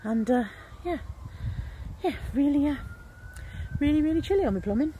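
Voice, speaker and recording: A woman's voice: sits high, expressive, moderate pace, mellow, a little hiss or hum. A middle-aged woman, chatting casually to a handheld phone camera in her vlog diary, self-deprecating and talking to her dog. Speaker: vlogger.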